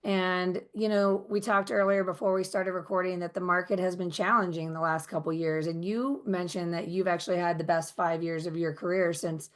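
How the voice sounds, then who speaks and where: A woman's voice: lowish voice, fairly even intonation, moderate pace, few pauses. A woman hosting a podcast interview, engaged and guiding the conversation with long questions. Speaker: podcast host. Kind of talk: casual interview.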